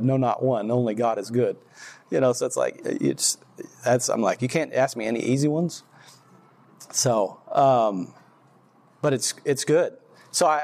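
A man's voice: medium pitch, darkish tone. A man giving an informal, rambling faith testimony to a group, often restarting his sentences and laughing at himself. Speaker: church speaker.

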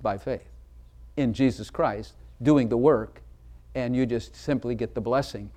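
A man's voice: medium pitch, unhurried, mellow. Guy preaching in church, punchy delivery, keeps quizzing the people in the pews. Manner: emphatic, asks the congregation questions directly. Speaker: pastor. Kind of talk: sermon.

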